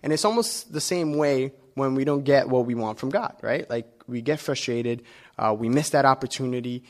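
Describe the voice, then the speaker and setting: Man preaching a casual, chatty sermon. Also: medium pitch. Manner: relaxed and personal, with many filler pauses and self-corrections. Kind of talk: conversational sermon.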